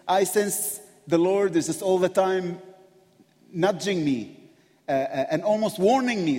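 Guest preacher guy, kinda high voice, emotional and passionate, keeps laughing between lines, big echoey church hall. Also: darkish tone. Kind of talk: sermon. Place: church sanctuary. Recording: long reverb of a large hall.

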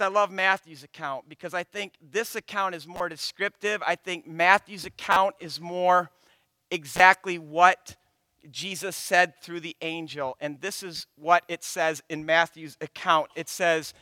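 Pastor, male, 30s: unhurried high voice, dry close sound, sermon with dramatic loud and hushed swings. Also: fairly even intonation, no echo. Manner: swings from loud emphatic preaching to hushed near-whispers.

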